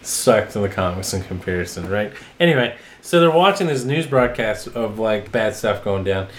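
Animated, laughing man podcast host. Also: fairly low pitch, normal speed, a little hiss or hum. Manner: enthusiastic, laughs often, rambling with fillers. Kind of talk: casual chat.

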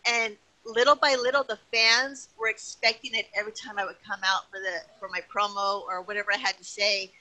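A middle-aged woman, a retired wrestling personality, chatting as a guest in an interview and telling lively anecdotes. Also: medium pitch, a little fast, few pauses, low-quality recording. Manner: animated, chatty, tells anecdotes with acted-out quotes. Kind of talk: casual interview storytelling.

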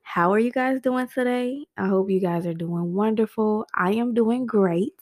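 A woman's voice: medium pitch, normal speed, a little mellow. A young adult woman hosting her own podcast, talking candidly and venting straight to her listeners in casual chat. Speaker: podcast host. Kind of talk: casual solo podcast talk.

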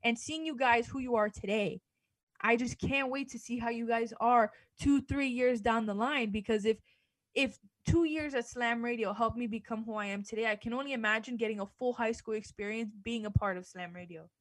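A woman's voice: fairly high pitch, moderate pace, no echo, rough recording. A young woman, a former student radio host, talks earnestly and encouragingly on air. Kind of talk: heartfelt casual chat on radio.

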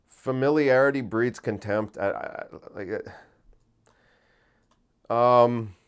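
A man's voice: mid-range voice, slow pace, clean tone. A man hosting a podcast, talking casually and incredulously, full of restarts and rhetorical questions. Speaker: podcast host.

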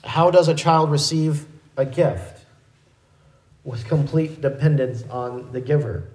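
A man's voice: fairly high pitch, fairly even intonation, slow, darkish tone. A man preaching a sermon, explaining a passage in a teaching way and often correcting himself mid-sentence. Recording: echoey room.

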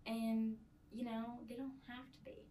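A young woman co-hosting a podcast, reviewing a movie casually in halting speech full of fillers and trailing off. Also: a little high, little pitch movement, mellow, a little hiss or hum. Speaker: podcast co-host. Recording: echoey room, far from the mic.

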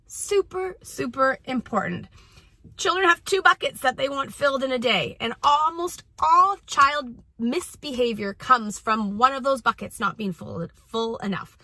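A woman's voice: high voice, a little slow, bright, forceful tone, dry recording. A woman in her forties, a parenting coach and mother, giving casual, earnest advice with frequent restarts while at a track practice.

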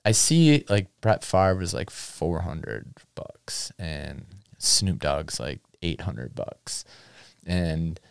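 A man's voice: fairly low pitch, a little mellow, clear, resonant tone, no room sound, studio quality. A man hosting a podcast, casually telling a long, rambling story with lots of fillers and swearing. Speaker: podcast host. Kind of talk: casual chat.

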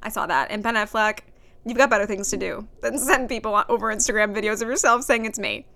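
A young woman co-hosting a casual podcast chat, chatty and playful, with quick mock impressions. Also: medium pitch, creaky, pushed and bright. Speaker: podcast co-host.

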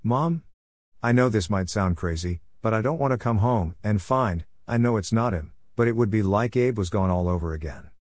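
A man's voice: on the low side, moderate pace, a little mellow, natural voice. A man voicing an anxious, apologetic grown daughter in a raised, hesitant voice. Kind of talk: audiobook character voice.

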